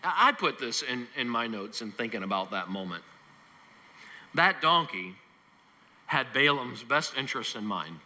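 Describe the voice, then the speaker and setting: A man preaching a sermon as pastor, telling a Bible story with animated acting-out of the characters. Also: mid-range voice, a little slow, pauses often, in a large hall.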